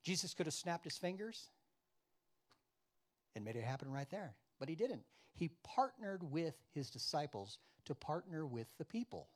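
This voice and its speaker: A man preaching a sermon, acting out dialogue and questioning his congregation, loud one moment and quiet the next. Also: a little high, normal speed. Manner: animated, acts out biblical dialogue with wide swings in loudness; addresses the congregation with questions and asides. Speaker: pastor.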